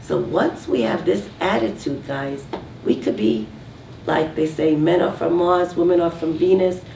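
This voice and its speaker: A woman giving a talk to a live audience, lively and full of rhetorical questions. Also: lowish voice, a little slow, gravelly. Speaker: speaker giving a talk on relationships. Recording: roomy, distant mic, faint noise.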